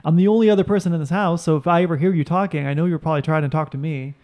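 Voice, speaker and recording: Fast, joking young man, casual family banter, slightly high voice. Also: darkish tone. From United States. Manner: joking, quick, slips into voices when quoting people.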